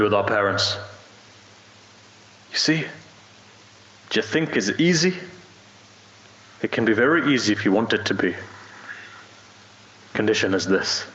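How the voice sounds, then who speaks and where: A man's voice: lowish voice, a bit bright. A middle-aged man preaching a sermon, telling stories and acting out the voices of the people in them. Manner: storytelling, acts out quoted voices. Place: broadcasting from home during lockdown. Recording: echoey, dull lo-fi audio.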